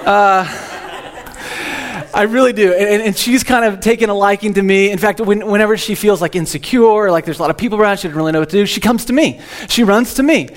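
Young male pastor, high voice, joking sermon, rambling, stumbling restarts. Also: fast talker. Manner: jokey, rambling, repeats words when starting sentences. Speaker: teaching pastor. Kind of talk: humorous sermon. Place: church.

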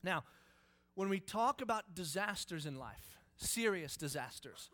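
A man in his thirties preaching, telling a family story with lively acted-out voices and frequent laughs. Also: high voice, a little slow. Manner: animated, acts out voices, laughs often. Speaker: pastor. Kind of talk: sermon storytelling.

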